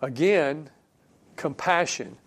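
A man's voice: fairly high pitch, takes it slowly, slightly rough. Man preaching a conversational sermon. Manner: conversational, thinking aloud with fillers and restarts; quotes scripture in a softer, dropping voice.

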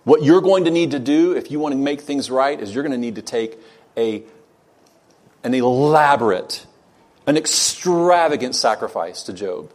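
Male preacher, mid-pitched, earnest expository sermon, emphatic, asks the room questions. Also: expressive, moderate pace, darkish tone. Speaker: pastor.

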